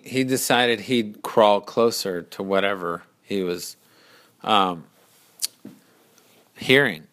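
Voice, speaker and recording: Slow, deliberate male storyteller. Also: fairly low pitch, a bit bright. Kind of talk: storytelling narration.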